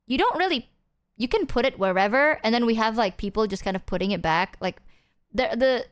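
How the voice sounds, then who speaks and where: Woman streamer, high voice, casual chat, rambling, lots of swearing. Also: clear, resonant tone. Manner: animated, rambling, swears often, laughs a lot.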